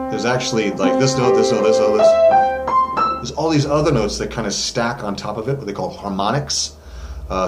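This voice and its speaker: A man giving a casual singing lesson from his voice studio, talking loosely with plenty of fillers. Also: fairly low pitch. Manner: loose and chatty, many fillers, demonstrates with sung notes. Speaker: vocal coach. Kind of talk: casual vocal lesson to camera. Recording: echoey room, faint background noise.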